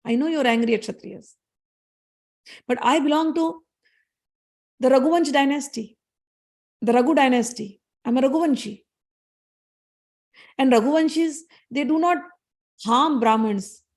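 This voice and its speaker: A woman voicing a gentle young male prince who reasons calmly and respectfully in a retold story. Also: sits high, unhurried, long pauses.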